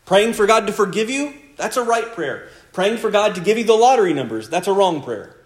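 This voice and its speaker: A man's voice: sits high, sing-song, fairly quick. Earnest preaching man, echoey room. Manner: earnest, conversational preaching with repeated phrases. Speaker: pastor. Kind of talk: sermon.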